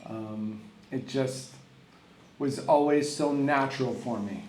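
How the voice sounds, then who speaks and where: A man's voice: medium pitch, takes it slowly, darkish tone, slight background noise. Wry middle-aged man in an echoey hall. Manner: self-deprecating storyteller, candid and wry. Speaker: hall of fame inductee, college tennis coach. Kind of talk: acceptance speech. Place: large banquet hall. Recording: echoey hall with faint room ambience.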